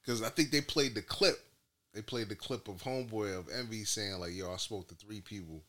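A man's voice: on the low side, brisk, pushed and bright. A man co-hosting a podcast in casual banter, laughing and acting out reactions. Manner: laughing, acts out reactions in quotes. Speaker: podcast co-host.

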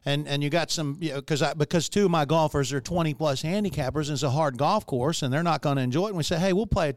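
Smooth-voiced man with wry humor. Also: a little high, fast talker, dry recording. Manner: wry and opinionated, with dry jokes. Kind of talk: casual chat.

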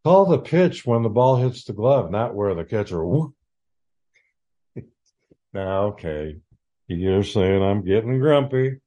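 A man's voice: fairly low pitch, dark tone. A man hosting his own show, delivering a rambling, sarcastic rant as sports commentary. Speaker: podcast host.

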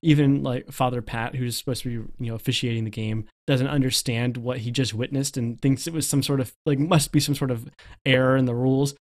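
A man's voice: medium pitch, fairly even intonation, fairly quick, darkish tone. A man co-hosting a casual podcast, chatting about a comedy film with frequent laughs and fillers. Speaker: podcast co-host.

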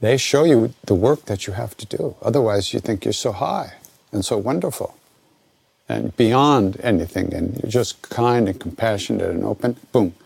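Older American man with a gravelly voice. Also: on the low side, normal speed, no room sound. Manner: relaxed, conversational, self-interrupting. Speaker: spiritual teacher answering questions. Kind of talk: informal spoken Q&A teaching.

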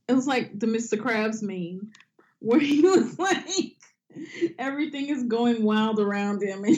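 A woman's voice: fairly high pitch, measured pace. A woman co-hosting a casual comedic podcast, swearing freely and acting out quotes in exaggerated voices. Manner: animated, swearing, acts out quotes in big voices. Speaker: podcast co-host.

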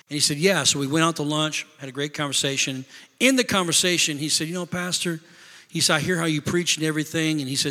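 A man's voice: fairly high pitch, bright, forceful tone. A middle-aged male pastor preaching a sermon, telling a story with many restarts and rising into emphatic bursts. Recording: long reverb of a hall.

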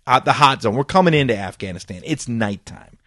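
Animated middle-aged man telling a story. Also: medium pitch, brisk, no echo, studio quality. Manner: animated, acts out quotes, laughs often. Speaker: actor and comedian, guest. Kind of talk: comic storytelling in casual chat.

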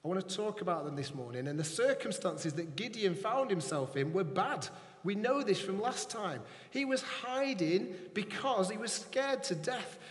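A man preaching a sermon, reading scripture aloud and then repeating key lines softly for emphasis. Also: high voice, expressive, normal speed. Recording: echoey hall with long reverb.

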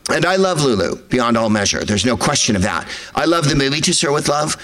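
A man telling rambling, wry stories to a live audience, slipping in quick impressions of people. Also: mid-range voice, sing-song, a bit bright, low-quality recording.

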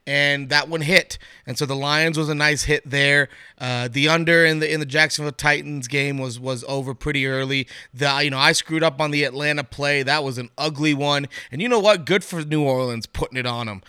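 A man co-hosts a casual sports podcast, chatting animatedly and slipping into little voices when he quotes coaches. His voice is very bright and smooth, a touch higher than most men. It is recorded close and dry. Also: no room sound. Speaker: podcast co-host.

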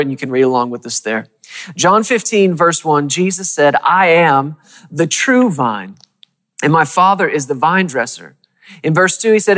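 A man preaching a sermon, who speaks emphatically, repeats key phrases, asks his listeners questions, and reads scripture slowly and deliberately. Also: on the high side, a bit bright. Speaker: pastor. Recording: long hall reverb.

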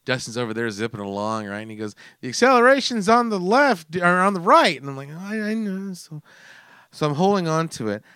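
Man, forties, smooth resonant voice, swearing storyteller, dry close sound. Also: fairly high pitch, fairly quick, no echo. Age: 40s. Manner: profane, animated storyteller acting out his own mishap. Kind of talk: casual storytelling chat.

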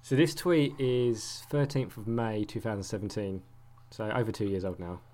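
A man's voice: fairly low pitch, moderate pace, dark tone. A man co-hosting a podcast, chatting casually and laughing often. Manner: laughs often, playful teasing. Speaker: podcast co-host.

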